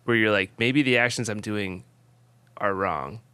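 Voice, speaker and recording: Male podcast host, hesitant questions, bright tone, low pitch. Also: unhurried, smooth, no room sound. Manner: loose, hesitant questioning with fillers. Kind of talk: casual interview questions.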